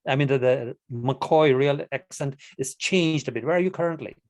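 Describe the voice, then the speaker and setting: A Kenyan man hosts an online club meeting over a video call, friendly and chatty, often stuttering on repeated words. His middle-pitched voice is a little mellow and comes across dry and close with no echo, at a normal speed.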